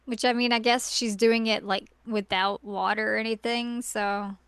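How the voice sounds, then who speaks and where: A woman's voice: fairly high pitch, fairly even intonation, normal speed, a bit bright, clear, resonant tone, dry recording. A woman co-hosting a podcast, chiming in with reactions and extra scene details in casual chat. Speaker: podcast co-host.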